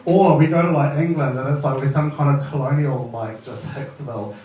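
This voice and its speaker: Man, New Zealand accent, thirties, stand-up comedy, laughs a lot, swears, boomy room. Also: steady tone, a little fast, a little mellow. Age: 30s. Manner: casual, sweary, laughing at his own jokes. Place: open mic comedy venue. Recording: echoey room, heard from far off.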